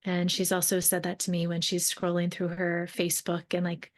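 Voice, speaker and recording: A young woman with a low-pitched voice hosts her own podcast in a reflective, earnest way. She talks conversationally, often rephrasing mid-sentence and adding fillers like "um" and "right?". The overall tone is that of a mentor speaking directly to listeners. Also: monotone, normal speed, few pauses. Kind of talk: reflective solo podcast talk.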